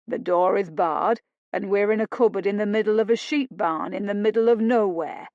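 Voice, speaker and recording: A woman's voice: medium pitch, normal speed, a little mellow, dry recording, natural voice. A woman reading an audiobook, voicing a mocking, sardonic roguish man with a drawling sarcasm. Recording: dull dry lo-fi studio read.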